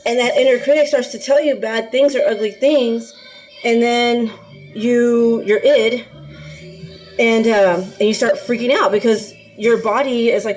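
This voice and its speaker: A woman's voice: a little high, a little slow, darkish tone, soft background music, rough recording. A woman talking casually in a rambling vlog, filling her speech with ums and laughs while she cooks for her dogs. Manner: chatty, rambling, frequent fillers and laughs. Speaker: anxiety vlogger.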